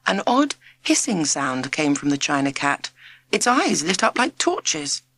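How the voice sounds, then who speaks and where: A woman reading a children's storybook aloud in an expressive, measured narration. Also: low-pitched, a little hiss or hum. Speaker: audiobook narrator.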